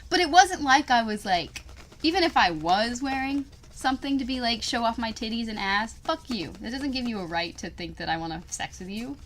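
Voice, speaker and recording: Her voice sits on the high side and moves a little fast, with slight background noise. As a podcast co-host she tells an animated tale in loose conversation, full of cursing and constant "like"s.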